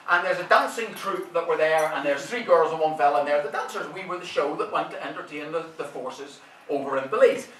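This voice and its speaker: A man's voice: high voice, noisy background. Swearing Irish comedian in his fifties. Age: 50s. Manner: swearing, chatty, teasing the audience. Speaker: stand-up comedian. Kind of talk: stand-up set with crowd work. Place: comedy club stage. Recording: roomy club sound from a distant mic. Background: audience laughter.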